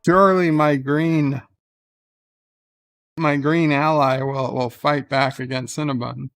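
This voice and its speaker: A man's voice: mid-range voice, fairly even intonation, takes it slowly, a bit bright, faint music behind. A man streaming a strategy game, reacting aloud with grumbles, curses and cheers. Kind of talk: live game commentary.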